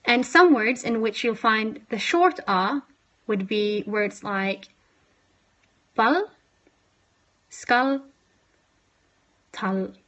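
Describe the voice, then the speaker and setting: A young woman giving a casual, self-deprecating pronunciation lesson, slowing down to demonstrate sounds. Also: a little high, animated, fairly bright tone, dull audio. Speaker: language teacher.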